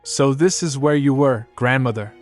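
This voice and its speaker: A man voicing a reserved, earnest young noble who answers calmly. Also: medium pitch, moderate pace, soft background music, lightly acted. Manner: calm, reserved replies.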